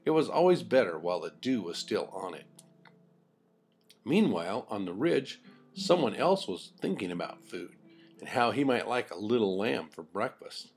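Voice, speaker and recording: Older man narrating an expressive storybook. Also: fairly low pitch, moderate pace, breathy edge, faint music behind.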